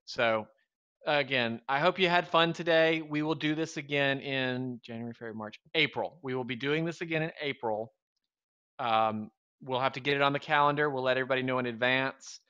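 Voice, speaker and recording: A man's voice: medium pitch, fairly quick, sharp tone, smooth, dull audio. A man in his thirties from the Southern US, co-hosting a live stream in a wry, rambling, joking way. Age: 30s. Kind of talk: casual live stream chat.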